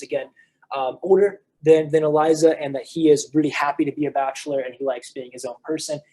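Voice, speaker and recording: Young American man, church class teacher, casual lecture, husky edge, lots of restarts. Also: mid-range voice, dark tone, poor audio. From United States. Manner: conversational, frequent restarts and fillers.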